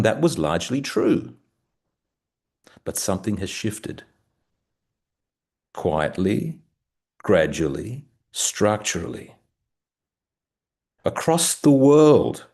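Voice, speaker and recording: Older Australian male presenter, very low pitch, croaky, measured and rhetorical, video call. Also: darkish tone. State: croaky from the early hour. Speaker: webinar presenter. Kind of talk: business webinar presentation. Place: home at night.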